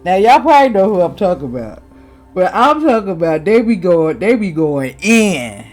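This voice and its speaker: A woman's voice: lowish voice, sing-song, normal speed, darkish tone, faint music behind. A woman giving a casual, frank tarot reading commentary, chatting, swearing freely and laughing often. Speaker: tarot reader.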